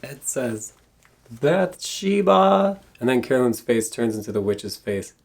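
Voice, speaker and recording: A man's voice: lowish voice, steady tone, moderate pace, a little mellow, slightly rough. Dry, sarcastic male movie reviewer. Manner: dry, sarcastic plot retelling. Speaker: film reviewer. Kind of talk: comedic movie recap narration.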